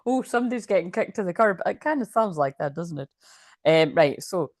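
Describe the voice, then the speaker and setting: A tarot reader gives a casual, chatty reading, frequently laughing as she reads the card messages aloud. Her voice is lowish with lively intonation and a moderate pace, captured in studio quality with no room sound.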